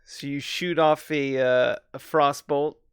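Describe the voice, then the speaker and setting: Slow-talking man running a tabletop game. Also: a little high, clear, resonant tone, no echo, clean studio sound. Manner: relaxed, halting narration with fillers. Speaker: dungeon master.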